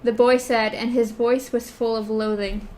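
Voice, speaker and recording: A woman's voice: a little high, level tone, moderate pace, darkish tone. A woman co-hosting a casual book discussion podcast, comparing her edition and reading short bits in a hesitant way. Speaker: podcast co-host.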